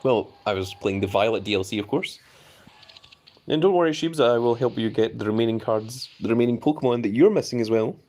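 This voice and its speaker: A man's voice: medium pitch, a little fast, darkish tone. Guy streaming live, just chatting with his viewers, reads their messages out, easygoing. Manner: chatty, reads viewer chat aloud, loose restarts. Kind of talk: casual live-stream commentary.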